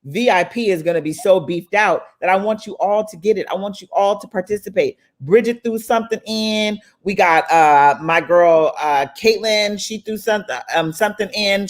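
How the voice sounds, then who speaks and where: A woman's voice: fairly low pitch, fairly quick. A woman hosting a live online summit in casual, motivational chat. She sounds affectionate and upbeat, calling listeners "baby" and "y'all". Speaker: summit host.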